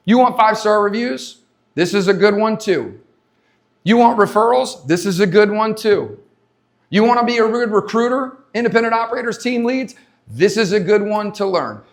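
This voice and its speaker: High-pitched guy pumping up a crowd at a summit, repeats stuff a lot and fires questions at the audience. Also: moderate pace. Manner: energetic, repetitive, asks the audience questions. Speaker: speaker at a leadership summit. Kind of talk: motivational talk to a live audience. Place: conference stage before a live audience.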